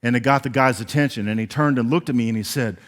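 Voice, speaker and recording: A man preaching a sermon as pastor, animated and acting out the voices he quotes. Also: medium pitch, fast talker. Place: church sanctuary. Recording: long reverb of a large church hall.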